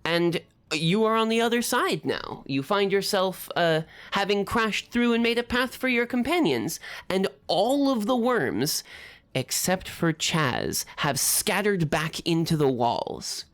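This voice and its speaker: A woman narrating a tabletop game as game master, describing scenes in a lively, playful way. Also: mid-range voice, unhurried, few pauses.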